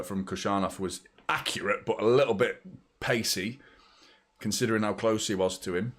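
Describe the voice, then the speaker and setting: Excitable football watchalong streamer. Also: male voice, sits low. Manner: excitable, chatty, greets viewers by name. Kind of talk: live match watchalong chat.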